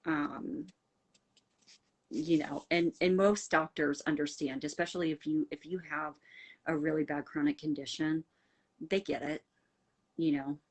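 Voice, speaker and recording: A woman's voice: low-pitched, level tone, measured pace, long pauses. A middle-aged woman from the United States hosting a casual livestream, talking in a heartfelt, rambling way with lots of fillers and answering viewers' comments. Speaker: livestream host.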